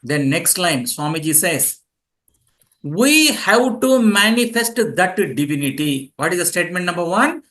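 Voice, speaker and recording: A man lectures a class in a high, bright voice. He explains step by step, repeats key phrases and quizzes his students as they take notes. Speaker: yoga teacher.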